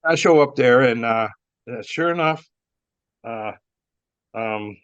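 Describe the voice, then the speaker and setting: A man's voice: medium pitch, slow pace, a bit bright, clean tone, no echo. An older man, a former wrestler, telling rambling stories with chuckles, fillers and restarts. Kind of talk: rambling storytelling. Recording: dull dry lo-fi sound.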